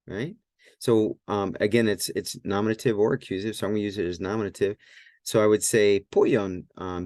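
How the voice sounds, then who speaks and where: A man's voice: on the low side, darkish tone, no echo, clean studio sound. A man teaching Greek at a whiteboard in a casual, thinking-aloud way, with many fillers and self-corrections.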